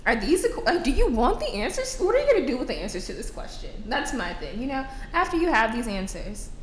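Woman, casual podcast chat, lively swinging pitch, laughing and swearing, echoey room. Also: quick pace. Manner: animated, laughing, swearing freely. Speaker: podcast co-host. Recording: echoey room with faint background noise.

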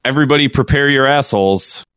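A man's voice: mid-range voice, quick pace, fairly bright tone, clear, resonant tone, no room sound. A man co-hosting a podcast, telling blunt, crude jokes. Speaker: podcast co-host. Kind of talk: casual podcast chat.

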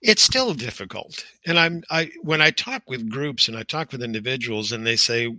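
An older man giving personal testimony as an interview guest, emotional and halting, with frequent pauses and fillers. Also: medium pitch, lively intonation, pushed and bright, no echo, rough recording.

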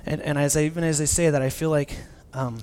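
A man in his thirties preaching a sermon, telling stories with lively restarts. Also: a little high, quick pace, slight background noise. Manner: animated storytelling with many restarts. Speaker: pastor.

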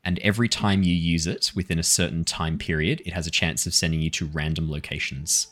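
Low-voiced man running a tabletop game. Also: fairly even intonation, brisk, a bit bright. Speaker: dungeon master.

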